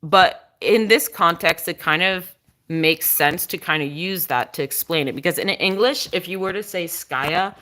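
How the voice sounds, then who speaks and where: A woman's voice: lowish voice, a little slow, sharp tone. A woman with a French Canadian accent hosting a casual livestream with her dog, chatting in long rambling explanations. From Quebec, Canada.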